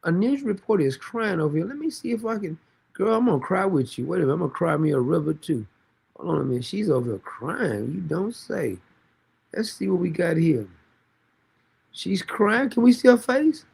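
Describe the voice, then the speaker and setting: A man's voice: high-pitched, very animated, fairly quick, gravelly, darkish tone, slightly rough. A man hosting a commentary stream, reacting to news clips in a sarcastic, mocking, slangy way. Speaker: commentary host.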